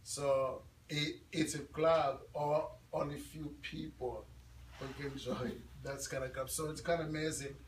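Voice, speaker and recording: A man addresses a room of students, speaking slowly in a somewhat high voice and laughing as he quizzes them. He is picked up from across an echoey room. Faint ambient noise sits beneath. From Congo. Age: 20s. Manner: animated, laughing, quizzing the audience. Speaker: guest speaker at a school. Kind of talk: talk to students. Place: classroom or school hall. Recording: echoey room audio from far off.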